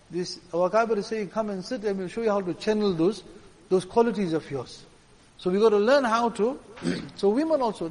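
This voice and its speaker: A male preacher with a notably high-pitched voice delivers an earnest, emphatic sermon. He drives his points home by repeating phrases. His voice rings with a long reverb, as if it were recorded in a large hall. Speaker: religious preacher.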